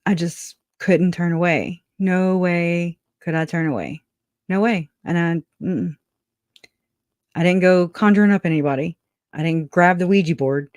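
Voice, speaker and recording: Slow, halting speaker on a livestream. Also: medium pitch, no echo, clean studio sound. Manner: halting and reflective, with frequent restarts and soft laughs. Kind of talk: casual livestream talk.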